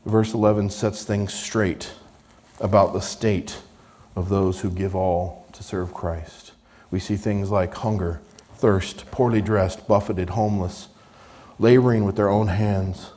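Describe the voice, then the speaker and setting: A man with a fairly low voice delivers a sermon. He reads scripture aloud with mounting emphasis and slips into dry sarcasm to make a point. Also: fairly even intonation, measured pace, mellow. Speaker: preacher.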